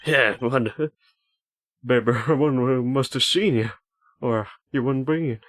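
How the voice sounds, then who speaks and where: A man's voice: mid-range voice, slow. A man streaming a game, chatting and joking playfully between reading lines. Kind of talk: casual gameplay commentary.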